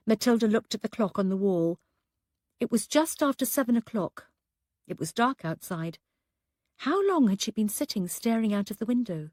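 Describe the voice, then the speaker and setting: A woman's voice: mid-range voice, animated, moderate pace, a little mellow, no room sound. Woman narrating an audiobook, very dry sound.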